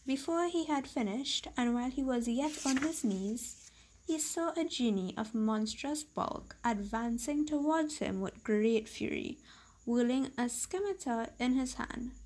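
A woman reads a classic tale aloud at a steady, measured pace. Her voice is fairly high and clear. The delivery is calm and even, like a bedtime story. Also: slight background noise, poor audio. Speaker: story reader.

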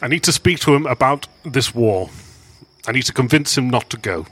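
A man's voice: medium pitch, lively intonation, brisk, fairly bright tone, husky. A man voicing a polite, earnest adventurer, pleading and persuading.

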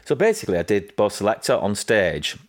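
A man with a Yorkshire accent, a guest in a casual interview, telling animated anecdotes and acting out what people said. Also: fairly quick. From England. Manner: animated anecdotes, acting out quotes with raised pitch.

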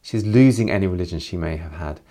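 Low-voiced man, reflective book commentary. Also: fast, mellow. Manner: reflective, with personal asides. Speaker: literature commentator. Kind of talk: chapter summary and commentary on a novel.

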